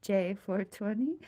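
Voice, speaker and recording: A young woman hosts a live stream in a relaxed, rambling way. She speaks slowly in a slightly high voice, giggles often and pokes fun at herself. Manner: giggly, self-mocking, rambling. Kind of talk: casual live-stream chat.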